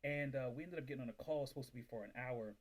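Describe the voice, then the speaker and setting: A man in the middle pitch range hosts a casual livestream, telling a story with animated energy. He fills his talk with "like" and slips into put-on voices for other people. His delivery is loose and chatty, as if talking to regular viewers. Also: fast. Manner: animated, acts out quoted voices, heavy use of "like". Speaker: reselling business livestream host.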